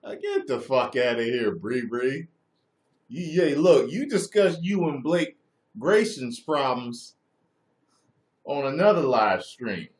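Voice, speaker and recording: A man's voice: medium pitch, slow. A man hosting a live stream, chatting casually with crude jokes. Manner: crude, joking, animated.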